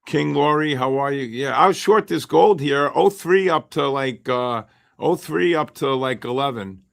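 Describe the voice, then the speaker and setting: A hoarse man hosting a live trading stream, chatting with viewers by name while he calls trades. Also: mid-range voice, measured pace. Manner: animated, greets chat by name while calling trades. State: hoarse, losing his voice. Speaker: livestream host and futures trader.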